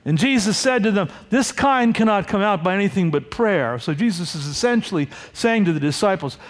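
A man's voice: high-pitched, fairly quick. A man preaching a sermon, teaching verse by verse and acting out the quoted lines. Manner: animated, acts out the quoted lines. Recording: long hall reverb.

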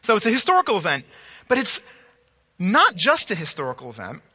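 A man's voice: sits high, wildly swooping pitch, brisk, bright, forceful tone, big-room sound. A man preaching a sermon, teaching emphatically and asking rhetorical questions.

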